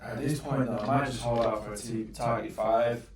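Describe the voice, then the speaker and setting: A man's voice: medium pitch, fairly even intonation, moderate pace, darkish tone, recorded from a distance. Swearing young man, live trading. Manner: swearing, frustrated, exclaiming. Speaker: trading vlogger. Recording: roomy, off-mic echo.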